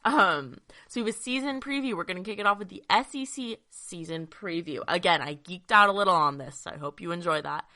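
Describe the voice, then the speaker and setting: A young woman hosting a sports podcast from her childhood bedroom, chatty and excitable with lots of fillers, a little out of breath. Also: lowish voice, a little fast, hardly any pauses. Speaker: podcast host. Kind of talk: casual sports podcast monologue.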